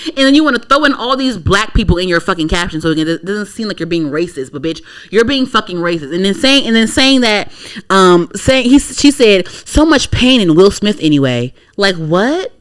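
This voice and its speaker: A woman's voice: mid-range voice, expressive, moderate pace, fairly bright tone, clear, resonant tone. A young woman from the Washington DC area co-hosting a podcast, talking bluntly and profanely in a ranting, casual opinion chat. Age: young adult. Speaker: podcast co-host.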